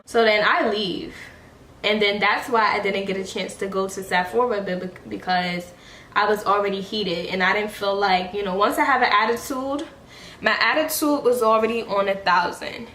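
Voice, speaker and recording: A young woman vlogger tells a story while getting ready, heated, blunt and profane, in a middle-pitched voice. Her voice bounces around an echoey room at home, with a faint hiss underneath. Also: a bit bright. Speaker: beauty vlogger. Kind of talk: get-ready-with-me storytime chat.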